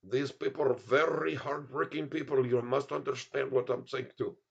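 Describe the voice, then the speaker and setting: Give me a man voicing an earnest Indian-accented man, lecturing, with a gravelly edge. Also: mid-range voice, steady tone, normal speed. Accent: Indian English, put on. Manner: insistent, repeats "very". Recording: dull lo-fi sound.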